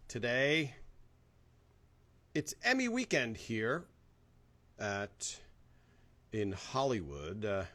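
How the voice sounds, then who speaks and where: A man's voice: mid-range voice, a bit bright. A man hosting a casual fan livestream, chatting loosely with many fillers and greeting viewers by name. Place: home in Southern California.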